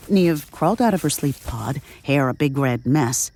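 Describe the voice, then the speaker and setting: A woman narrating an audio drama in a measured, even storytelling manner. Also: a bass voice.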